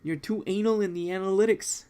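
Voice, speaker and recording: Man voicing a brash goofy assassin, loud, teasing, high-pitched, manga read-along. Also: fairly even intonation, fairly quick, clean tone, close to an everyday voice.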